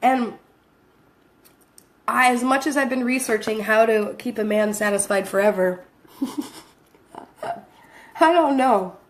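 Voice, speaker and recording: Rambling woman vlogger, self-mocking. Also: mid-range voice. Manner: rambling, self-deprecating, laughs often. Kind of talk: casual talk to camera. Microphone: phone camera.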